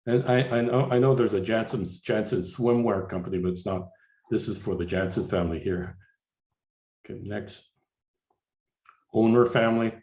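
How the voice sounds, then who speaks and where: Halting older man lecturing in an echoey hall. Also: lowish voice, a little mellow. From Canada. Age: 60s. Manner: halting, many fillers and restarts. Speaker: artist giving a slide lecture. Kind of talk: informal lecture with slides.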